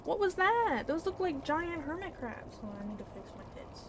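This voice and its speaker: A young woman streamer chatters through a game in a slightly high voice, excitable and quick to swear. She talks straight to the characters on screen. Her home stream audio carries a steady layer of background noise. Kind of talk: casual gameplay commentary. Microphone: desk mic.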